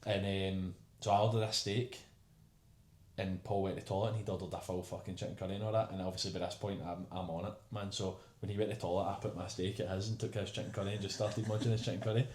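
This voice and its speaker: A Scottish man co-hosting a casual podcast, chatting in fast, sweary banter. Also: sits low, level tone, a little mellow, echoey room, slight background noise. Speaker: podcast co-host.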